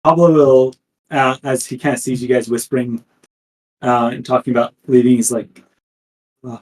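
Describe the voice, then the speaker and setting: Male game master, mid-pitch, casual and hesitant, lots of ums. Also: little pitch movement, normal speed, pauses often, a little mellow, low-quality recording. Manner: hesitant, many fillers. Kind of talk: running a tabletop game.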